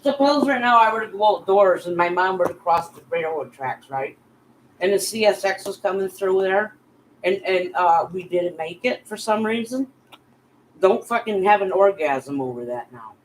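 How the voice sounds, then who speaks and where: A woman's voice: medium pitch, animated, moderate pace, a little hiss or hum, low-quality recording. A middle-aged woman vlogger giving a heated, profane rant straight at her critics. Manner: profane, heated, addresses bullies directly. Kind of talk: angry direct-to-camera rant.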